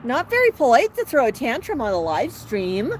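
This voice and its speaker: Soothing woman with a high lively voice. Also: normal speed, poor audio. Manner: soothing, talks to the bird like a small child. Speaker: pet parrot owner hosting a live stream. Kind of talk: casual live-stream chat to her bird. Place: outdoor patio by a street. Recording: outdoor street traffic noise.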